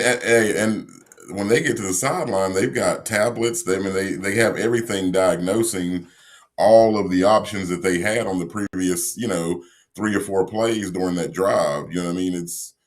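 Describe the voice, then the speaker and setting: A man co-hosting a sports podcast, talking in a measured, reflective way with frequent fillers. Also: deep voice. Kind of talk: casual sports analysis.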